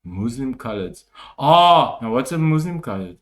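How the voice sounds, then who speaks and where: A man's voice: mid-range voice, very animated, normal speed. Male host, Cape Malay accent, curious and inquisitive, casual chat. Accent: Cape Malay, Cape Town. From Cape Town, South Africa. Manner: curious, keeps asking questions. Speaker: podcast host.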